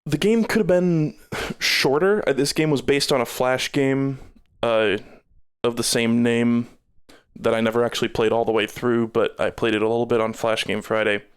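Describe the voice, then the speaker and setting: A man's voice: medium pitch, fairly even intonation, moderate pace, clean tone. A man streaming live, giving rambling casual game reviews with many fillers, tired and starting to lose his voice.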